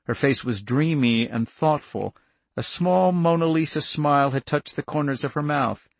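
A man reading a novel aloud as narrator, steady and measured with tense build. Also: fairly high pitch, creaky, no room sound. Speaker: audiobook narrator. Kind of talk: scripted narration.

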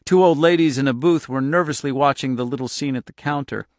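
A man reading a novel aloud in steady scripted narration. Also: mid-range voice, fairly quick, dry recording, clean studio sound. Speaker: audiobook narrator.

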